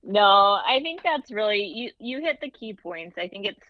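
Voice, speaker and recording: A woman's voice: mid-range voice, animated, moderate pace, no room sound, muffled recording. A woman co-hosting a podcast in casual chat, talking thoughtfully with many "like" fillers. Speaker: podcast co-host.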